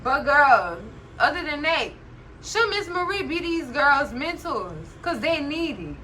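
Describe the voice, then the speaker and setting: Host read: woman, high register, bright tone, gossipy recap chatter, laughs a lot. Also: a little slow, slight background noise, low-quality recording. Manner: chatty, animated, constantly says "girl"; laughs often while talking. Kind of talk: casual TV recap commentary.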